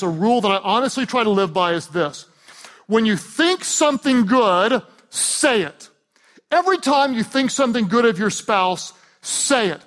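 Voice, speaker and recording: A pastor preaching a lively, humorous sermon to a church audience, rising to shouts on key points. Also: male voice, high voice.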